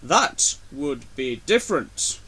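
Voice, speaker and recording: A man's voice: mid-range voice, big pitch swings, takes it slowly, slightly rough, heavily acted. A man doing a boastful, grumpy big engine. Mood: grumbling. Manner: boasting, grumbling, loud.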